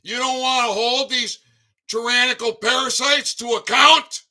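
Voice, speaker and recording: A middle-aged man hosting a livestream, ranting with heavy profanity, shouting and sarcastic mocking asides. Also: very high-pitched, steady tone, unhurried. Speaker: livestream host.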